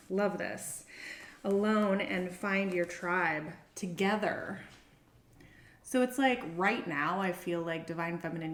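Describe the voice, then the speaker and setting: A woman's voice: on the low side, takes it slowly, fairly bright tone. A middle-aged woman talks through a tarot spread in a loose, chatty way, musing aloud as she goes. The room around her gives her voice a noticeable echo. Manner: chatty and meandering, thinking aloud. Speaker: tarot reader. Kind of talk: casual tarot reading to camera. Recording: roomy echo.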